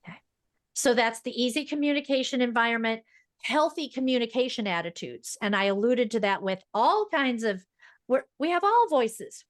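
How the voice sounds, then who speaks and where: Woman, podcast guest, speech-language pathologist, fast talker, emphatic, teacherly, dry close sound. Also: on the high side, animated, no room sound. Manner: fast-talking. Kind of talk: podcast interview.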